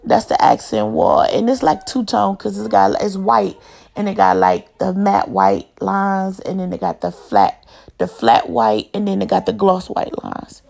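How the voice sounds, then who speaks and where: A woman's voice: medium pitch, very animated, a little slow, gravelly, a little mellow. A young adult woman, chatting casually through a home tour and rambling as she keeps calling her viewers y'all. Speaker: home decor vlogger.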